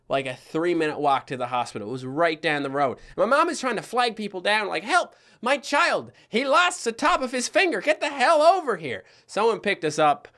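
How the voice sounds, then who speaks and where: A YouTuber in his twenties with a Newfoundland accent speaks in a high, slightly bright voice. He tells a childhood story in casual, joking commentary, swearing now and then.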